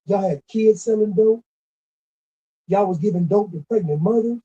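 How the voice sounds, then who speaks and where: Commentator, male, husky and mellow, hammering points in a harsh rant, muffled lo-fi sound. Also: high voice, moderate pace. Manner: scolding, repetitive, emphatic. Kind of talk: ranting monologue. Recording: dull lo-fi recording.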